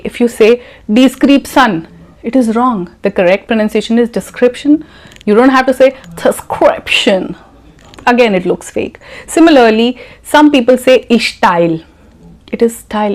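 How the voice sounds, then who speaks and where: A woman's voice: a little high, darkish tone. A woman with an Indian English accent, teaching English pronunciation to camera and repeating words as drills. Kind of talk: direct-to-camera lesson.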